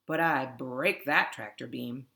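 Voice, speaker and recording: A woman reading a first-person children's novel aloud in a calm, unhurried manner. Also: extremely low pitch, vocal fry. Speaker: audiobook narrator.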